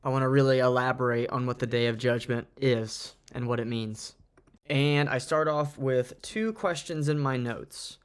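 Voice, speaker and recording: A man's voice: mid-range voice, fairly even intonation, moderate pace, clean tone. A man giving an earnest, reflective Bible teaching, reading and explaining from his notes. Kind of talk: informal Bible study talk.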